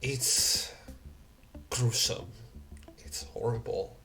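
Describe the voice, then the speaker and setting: A man's voice: mid-range voice, sharp tone. A man narrating grim scenes as game master in a tabletop game. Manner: slow, grim scene-setting.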